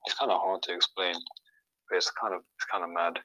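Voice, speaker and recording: A man's voice: low-pitched, little pitch movement, a little fast, sharp tone, dry recording, rough recording. A young man, a podcast guest chatting casually and rambling with lots of fillers. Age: young adult. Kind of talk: casual chat.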